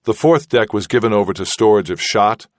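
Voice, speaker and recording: A man reading an audiobook narration in a steady, measured way. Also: fairly low pitch, dry recording, clean studio sound. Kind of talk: scripted narration.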